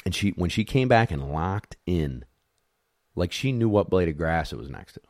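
At a moderate pace and in a deep voice, a man who handles retriever dogs tells an animated, casual story about a competition, acting out the dogs and the judges. He's blunt, swears a little, and is recorded dry with clean studio sound.

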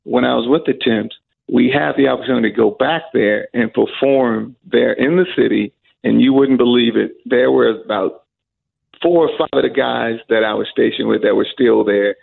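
A man's voice: medium pitch, normal speed, gravelly. A middle-aged man from Alabama, an interview guest telling stories and acting out the people he quotes. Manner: animated storyteller who acts out the voices of people he quotes. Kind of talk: casual storytelling. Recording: narrow phone-like sound.

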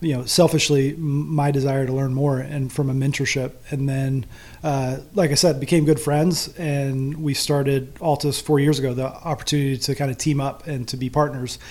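A man's voice: mid-range voice, flat delivery, normal speed, darkish tone. A man in his late thirties, a golf coach, chatting casually and laughing easily in an interview.

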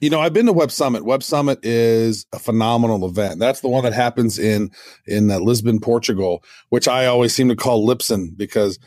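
A man's voice: medium pitch, a little fast, a little mellow, dry recording, clean studio sound. A man co-hosting a podcast in casual chat, talking with enthusiasm, rambling and restarting his sentences. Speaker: podcast co-host.

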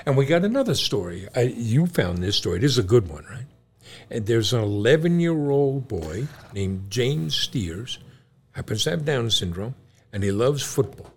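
A man's voice: mid-range voice, sing-song, normal speed, creaky, husky. A middle-aged man co-hosting a casual chat with his son, telling jokes and sharing good news in a playful, chuckling way. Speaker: co-host, father.

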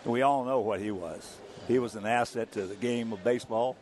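An older man, a former ballplayer, telling stories as an interview guest in an animated, chuckling way. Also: medium pitch, brisk. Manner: animated storyteller, chuckling through anecdotes. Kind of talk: anecdotal interview storytelling.

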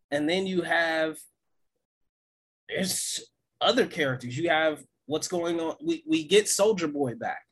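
Husky, excitable man chatting on a podcast. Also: medium pitch. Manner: excited, laughs often, many fillers and restarts. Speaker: podcast co-host. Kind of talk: casual chat.

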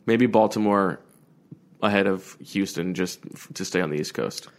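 A man with a fairly low voice co-hosts a casual sports podcast from a remote call. He trades dry, joking banter in a relaxed way. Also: moderate pace. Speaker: podcast co-host.

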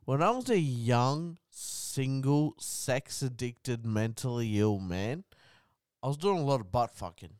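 A man's voice: mid-range voice, animated, a little slow, a little mellow, smooth, dry recording, studio quality. A young Australian man co-hosting a podcast, brash and emphatic, swearing freely. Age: young adult. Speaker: podcast co-host. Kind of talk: casual crude podcast banter.

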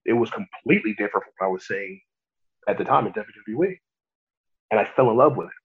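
A young pro wrestler, appearing as a guest, recounts his story in a relaxed interview with a low, husky voice. He talks fast and animatedly, laughs often, and acts out what other people said, all heard over a thin, phone-like line.

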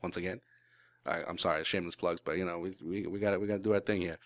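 A man co-hosting a sports podcast, talking in a rambling, animated way, swearing and restarting his sentences. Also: sits low, very fast, dry recording, studio quality. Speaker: podcast co-host. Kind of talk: casual sports podcast chat.

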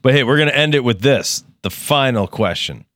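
A man co-hosts a trades podcast in casual chat, quick to jump in with profane reactions. His voice sits at an ordinary middle pitch. The recording is dry and close, with no room sound. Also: lively intonation, a bit bright, dry recording. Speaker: podcast co-host.

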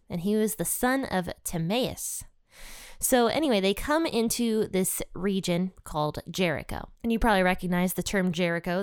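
A woman's voice: medium pitch, clean tone, no room sound, studio quality. A woman giving a casual, chatty Bible lesson, retelling the story in her own words with many asides. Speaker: Bible teacher.

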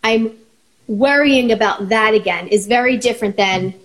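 A woman's voice: fairly high pitch, moderate pace, low-quality recording. A woman talking as a therapist in a casual podcast chat, acting out inner thoughts as she explains. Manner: explains with acted-out inner voices, lots of fillers.

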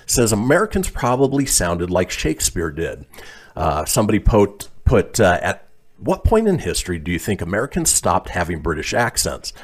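A man with a low voice hosts a casual comedy radio show. He reads listener posts aloud with a lively, swooping delivery and chuckles along the way. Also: normal speed. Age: adult, calls himself officially old.

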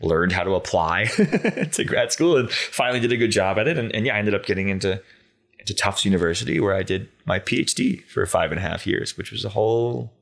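Fast-talking man telling a rambling story. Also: on the low side, vocal fry. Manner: animated, rambling with many filler words. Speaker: guest, conservation scientist. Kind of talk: casual storytelling interview.

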